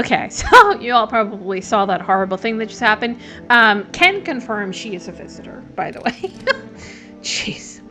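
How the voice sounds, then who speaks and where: A young woman chatting excitably through a let's play, often giggling. Her voice is bright and fairly high, swinging through a lively pitch range, and faint game music plays underneath. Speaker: gaming streamer.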